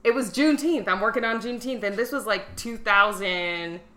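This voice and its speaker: A woman's voice: fairly high pitch, moderate pace, bright, forceful tone. A woman guest on a podcast, chatting casually and imitating people in her stories. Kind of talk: casual chat.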